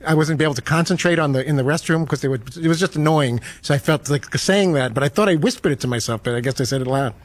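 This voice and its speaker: A man from New York telling a rambling, halting, self-deprecating story as a show regular. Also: a little high, dry recording. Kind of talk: casual storytelling.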